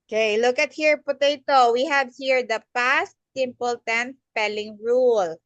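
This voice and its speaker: A woman tutoring a young learner in English grammar, speaking slowly and patiently and repeating words for the child to copy. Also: a little high, fairly even intonation, a bit bright, no echo, lo-fi sound. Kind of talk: online one-on-one grammar lesson.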